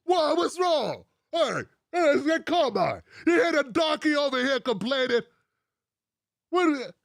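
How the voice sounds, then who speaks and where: A man's voice: extremely high pitch, sing-song, unhurried, gravelly, dry recording, clean studio sound, heavily acted. A man mimicking a brash, crude old-school male boss who keeps asking what's wrong in mock innocence. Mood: mock-innocent.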